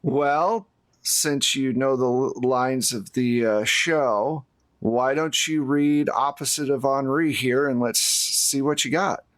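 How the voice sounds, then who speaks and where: A man's voice: medium pitch, takes it slowly, fairly bright tone. A man voicing a brusque, impatient male film director in a tabletop game. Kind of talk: tabletop role-play character voice.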